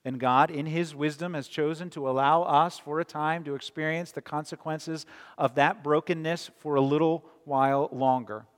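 A male pastor giving an earnest sermon, pressing hard on some phrases and dropping soft on key lines, then leading a prayer. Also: on the high side, fairly even intonation, moderate pace, big-room sound. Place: church sanctuary.

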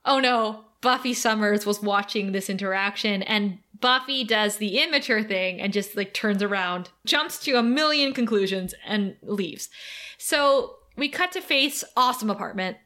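A young woman hosting a podcast, recapping an episode in casual, animated chat with laughter and swearing. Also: medium pitch, moderate pace. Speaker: podcast host.

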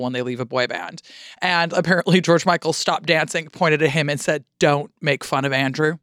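A woman guest on a podcast, chatting casually and ranting with lively, sweary indignation. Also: low voice, fairly quick, dry recording, clean studio sound. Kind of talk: casual chat.

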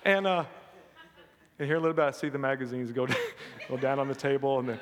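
Folksy preacher. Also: male voice, medium pitch, a little fast, long reverb tail, slight background noise. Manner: folksy storytelling with laughs and acted quotes. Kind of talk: sermon with personal stories.

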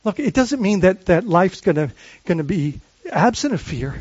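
High-voiced earnest preaching pastor. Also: male voice, very animated, normal speed, a little mellow, dry recording, muffled recording. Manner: earnest preaching with frequent restarts and call-and-response questions. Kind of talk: sermon.

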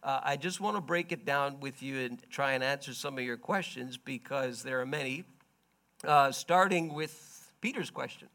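A man preaching a sermon, retelling a story in plain words and swinging from quiet murmurs to loud, emphatic bursts. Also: medium pitch, moderate pace. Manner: stops to explain in plain everyday words.

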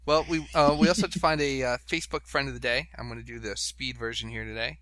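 A man's voice: medium pitch, steady tone, quick pace, fairly bright tone, no echo. A man hosting a podcast in casual chat, reading out web pages and laughing along. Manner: chatty, reads out web pages, laughs often. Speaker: podcast host.

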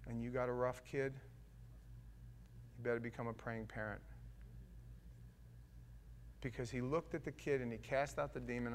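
A man preaching a casual, conversational sermon as a pastor, blunt and slangy, often restarting his sentences and moving between quiet asides and loud emphatic stretches. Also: mid-range voice, slight background noise.

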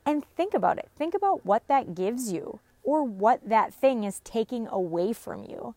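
A woman's voice: a little high, lively intonation, moderate pace, hardly any pauses, darkish tone, dry recording. A woman in her thirties, a fitness coach and mother, giving an earnest, emphatic motivational talk to viewers, repeating phrases for effect.

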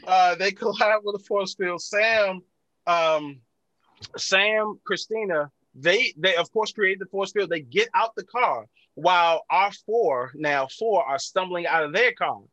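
A man hosting a casual chat, recapping a TV episode in a rambling, slangy, animated way. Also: high voice, measured pace, dry recording, lo-fi sound. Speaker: podcast host.

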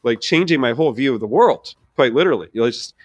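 A middle-aged man, a theology professor, telling his personal faith story in an earnest, animated way with many restarts. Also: medium pitch, fast, slightly rough, no room sound. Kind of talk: conversational personal testimony.

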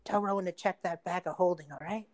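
A woman voicing a cocky, secretive spirit guide in a tabletop game, speaking offhand and trailing off low. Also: fast talker, a little mellow, dry recording, natural voice. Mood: breezy. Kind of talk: tabletop game role-play.

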